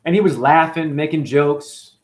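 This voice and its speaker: A man's voice: on the high side, normal speed, darkish tone. A man recounting a conflict with his boss at his cleaning job, talking emotionally and quoting people as he tells it. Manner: emotional, recounting grievances with acted quotes. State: chronic hip pain. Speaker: janitor. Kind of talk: personal vlog storytelling.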